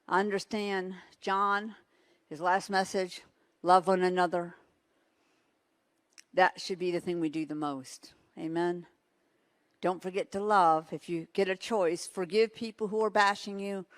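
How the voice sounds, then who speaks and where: Animated woman preaching with dry sound. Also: fairly low pitch, clean tone, dry recording. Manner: animated, laughing storyteller. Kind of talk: sermon with storytelling.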